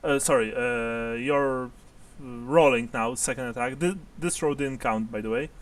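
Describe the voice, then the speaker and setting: A man narrating as game master of a tabletop game, halting and full of fillers. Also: medium pitch, far from the mic, slight background noise.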